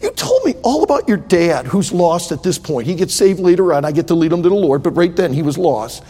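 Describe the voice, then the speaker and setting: A frank young wife speaking quietly and earnestly to her husband, voiced by an older man in his own husky preaching voice. It rings out in an echoey hall. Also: on the high side, sing-song, fairly quick.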